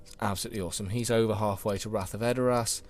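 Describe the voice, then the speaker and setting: A man's voice: on the low side, fairly even intonation, racing. A man commentating his own gameplay live, chatty and wry, talking to his viewers while tired and yawning late at night. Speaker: game streamer.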